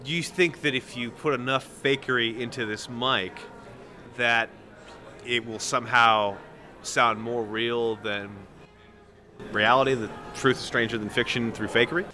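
A man's voice: medium pitch, fairly even intonation, measured pace, sharp tone. A man interviewing an author, asking long, playful and wordy questions and poking fun at his own phrasing.

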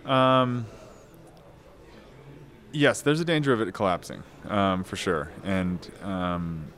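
Halting, thoughtful man with a low voice. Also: fairly bright tone. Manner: thoughtful, halting, many restarts and fillers. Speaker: novelist guest. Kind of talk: casual interview answers.

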